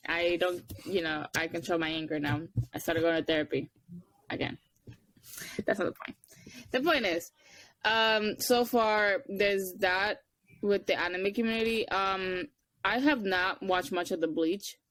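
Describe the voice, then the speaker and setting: A woman's voice: a little slow, dry recording. A young woman co-hosting a podcast, telling stories in casual chat and acting out the quotes with big jumps in her voice. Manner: animated storytelling, acts out quotes with big pitch jumps. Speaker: podcast co-host.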